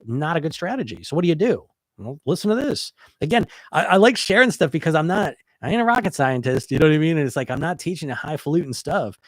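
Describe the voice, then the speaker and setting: A man's voice: a little high, big pitch swings, quick pace, no room sound, clean studio sound. A man hosting a weight-loss podcast, talking casually and with energy, often restarting and repeating words. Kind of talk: casual monologue.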